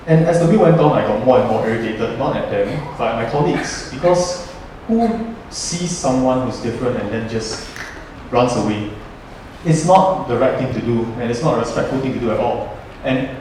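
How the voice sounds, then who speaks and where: A man's voice: mid-range voice, mellow. A young man tells a personal story from a stage, speaking earnestly and reflectively. His voice rings through a large, very echoey hall and sounds distant from the recording. Faint noise sits under the speech. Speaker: student emcee. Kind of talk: live stage speech to an audience.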